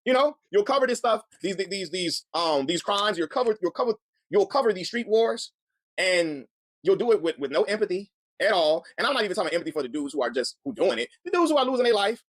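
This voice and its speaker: Guy ranting fast on his commentary stream, earnest, dry close sound. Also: high-pitched, sing-song, a bit bright, no echo. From Chicago. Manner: heated, earnest, repeats words as he builds a point. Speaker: commentary channel host. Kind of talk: reaction commentary.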